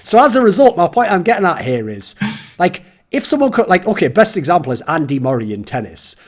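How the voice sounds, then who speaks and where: A man's voice: high voice, very animated, a little fast. A man with an English accent hosting a casual round-table chat, ranting and swearing, with mocking put-on voices. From England. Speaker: host.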